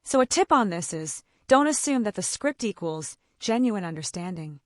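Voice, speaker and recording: A woman's voice: medium pitch, big pitch swings, moderate pace, no echo, clean studio sound. A mother of autistic children giving casual advice, chatty and full of "like", acting out the conversations she describes. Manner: chatty, fills speech with "like", acts out quoted dialogue.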